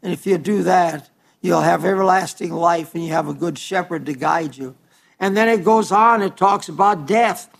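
A man's voice: sits high, moderate pace, vocal fry. An older man preaching a folksy sermon, stumbling and repeating words as he tells homespun stories.

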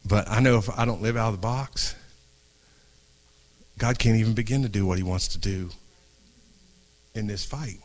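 A man of middle age delivering a heartfelt sermon in a drawl. His fairly low voice sinks to near-whispers, then climbs with fervor, and he stumbles back over his words as he goes. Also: moderate pace, long pauses. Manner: earnest, swings from hushed to raised, restarts phrases. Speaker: pastor. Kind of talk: impassioned sermon. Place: church before a congregation.

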